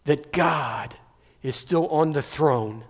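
A male pastor preaching a sermon, moving between loud emphatic peaks and hushed, near-whispered passages. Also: a little high, slow pace. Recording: long hall reverb.

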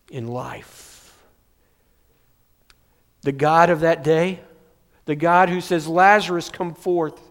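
A male pastor preaching a sermon, moving between loud emphatic peaks and hushed, near-whispered passages. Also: medium pitch, gravelly. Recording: long hall reverb.

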